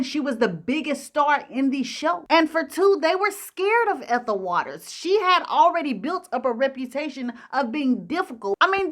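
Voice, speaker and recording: A woman host telling gossip stories in a chatty, slangy, animated way. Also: high voice. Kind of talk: casual gossip storytelling.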